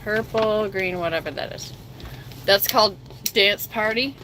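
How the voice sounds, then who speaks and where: A woman's voice: mid-range voice, a little slow, bright, forceful tone, slight background noise. A middle-aged woman trucker hosting a casual livestream chat, self-mocking and reading viewer comments aloud.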